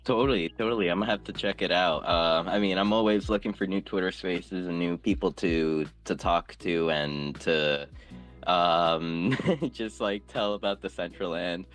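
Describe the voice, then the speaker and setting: Casual male co-host, lower voice, joking and stammering, faint music behind. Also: normal speed, a bit bright. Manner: laid-back, joking, stammering. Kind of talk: casual Twitter Space chat.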